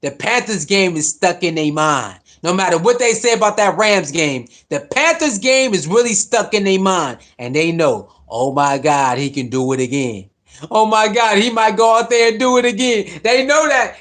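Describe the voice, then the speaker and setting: A man with a high voice gives fired-up football reaction commentary. He talks straight to his viewers in slangy speech, taunting rival fans and hammering the same points again and again. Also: lively intonation, moderate pace, hardly any pauses, a bit bright. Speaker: sports reaction vlogger.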